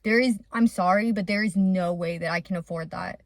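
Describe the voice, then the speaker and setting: A woman's voice: on the low side, a little fast, no room sound, studio quality. Candid young woman rambling on camera. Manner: rambling and open, with many "like" fillers. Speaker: vlogger and small business owner. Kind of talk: candid confessional vlog.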